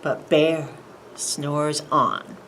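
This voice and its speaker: A woman librarian reading a picture book aloud at a preschool storytime, animated and sing-song, asking the children questions. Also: deep voice, very slow, slight background noise, low-quality recording.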